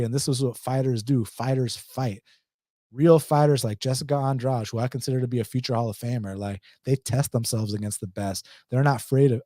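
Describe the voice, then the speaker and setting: Blunt Atlanta man, dry mellow voice. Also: mid-range voice, dry recording. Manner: blunt, casual, slangy. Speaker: host. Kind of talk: live stream chat.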